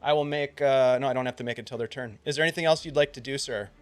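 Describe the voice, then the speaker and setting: A man narrating as game master of a tabletop game, with quick relaxed asides between scene descriptions. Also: mid-range voice, smooth, no room sound, soft background music.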